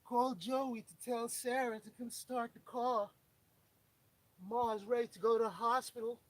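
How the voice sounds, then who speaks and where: A man doing an excited southern country fellow with a put-on drawl, hollering his family into motion. The voice jumps far above his usual pitch and comes out loud and hurried, set a little back from the mic. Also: no echo.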